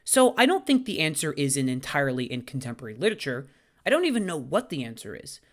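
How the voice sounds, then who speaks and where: A young man in his twenties, a high school English teacher, answering viewer questions in a casual vlog, animated and outspoken with some casual swearing. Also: fast talker.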